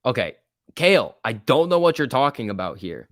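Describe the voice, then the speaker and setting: A man's voice: mid-range voice, sing-song, normal speed, dry recording, clean studio sound. A young man hosting a casual stock-market live stream, reading viewer comments aloud and cheering the chart on. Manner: chatty, reacts to chat and price moves, cheering the chart on. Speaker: stock market livestream host.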